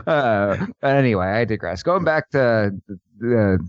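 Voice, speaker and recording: A man's voice: mid-range voice, animated, no echo. Podcast host, man, jokey and laughing, dry slightly dull sound. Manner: joking, laughs often, halting restarts. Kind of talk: casual chat.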